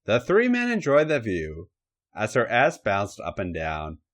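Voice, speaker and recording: A man hosting a podcast, giving an expressive, dramatic comedic erotic story reading. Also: on the low side, measured pace.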